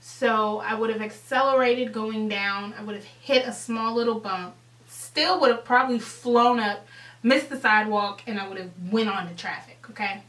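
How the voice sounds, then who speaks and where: A young woman vlogger telling a story in a casual, animated way, swearing freely and acting out the scene. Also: a little high, moderate pace, echoey room, distant mic, poor audio. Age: young adult.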